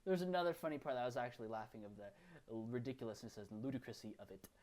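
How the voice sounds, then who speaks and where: A man's voice: medium pitch, expressive, rapid-fire, a little mellow. A man co-hosting a podcast, recapping films in casual, rambling chat full of fillers and restarts. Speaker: podcast co-host.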